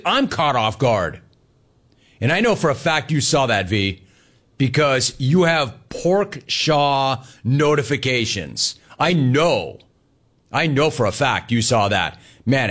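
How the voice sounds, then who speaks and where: A man hosting a casual sports talk show, reading listener messages and riffing in a playful way that jumps up in pitch for emphasis. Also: a bit bright.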